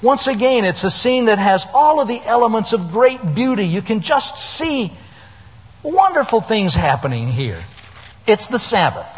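A man's voice: high-pitched, big pitch swings, normal speed, slightly rough. A man preaching a sermon, telling the story with humor and acting out the people in it. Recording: dull lo-fi hall recording.

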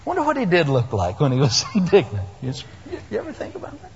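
A man preaching in a lively, swooping voice with a slightly husky edge. He tells the story with humor and puts on voices for the people in it. The recording is lo-fi and dull, with a long hall reverb around him. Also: a little high, quick pace. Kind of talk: sermon.

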